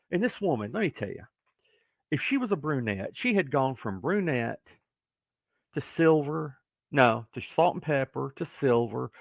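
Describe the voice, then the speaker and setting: A man in his sixties, a former wrestler, telling stories as a podcast guest in a joking, animated way, acting out the people he quotes. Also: medium pitch, gravelly, dry recording. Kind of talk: casual storytelling.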